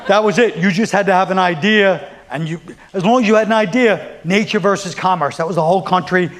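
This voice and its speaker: A man's voice: high voice, a little fast, a little hiss or hum. A man doing stand-up comedy, riffing in a rambling, profane, sardonic way and acting out quotes.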